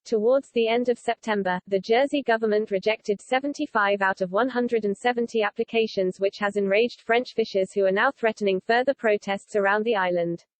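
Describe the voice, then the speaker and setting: Female news voice-over, steady read, mid pitch, dry booth sound. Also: brisk, hardly any pauses, no room sound. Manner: steady, even reading of a written article. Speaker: news narrator. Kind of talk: scripted news narration.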